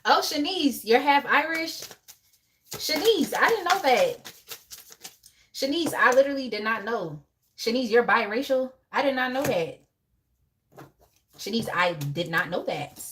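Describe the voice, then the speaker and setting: A woman's voice: a little high, expressive, measured pace, long pauses, a bit bright, a little hiss or hum. A young woman hosting a casual live tarot reading, chatty and laughing often as she talks to viewers in the chat by name. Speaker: tarot reader on a live stream.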